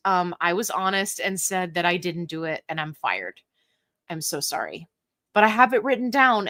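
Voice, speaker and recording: A woman's voice: mid-range voice, a bit bright, no echo. Chatty, playful woman hosting a livestream. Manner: chatty, playful and self-mocking, laughs often. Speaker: livestream host. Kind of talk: casual live Q&A, reading chat comments.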